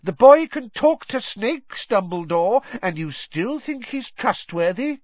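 A man's voice: high voice, very animated, unhurried, dry recording, voice pushed up, heavily acted. A man voicing a stubborn, angry middle-aged male minister of magic who blusters pompously. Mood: indignant. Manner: blustering, pompous, indignant shouting. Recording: dry, dull lo-fi recording.

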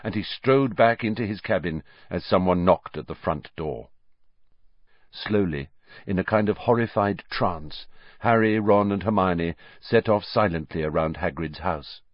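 A man narrating an audiobook in an expressive storytelling manner. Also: low voice, a little slow, no echo, dull audio. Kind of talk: scripted narration.

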